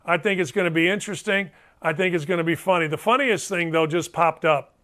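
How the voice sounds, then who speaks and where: A middle-aged man with a fairly high speaking voice hosts a sports talk show. He talks bluntly and emphatically and hammers his points home by repeating them. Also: fairly quick, sharp tone.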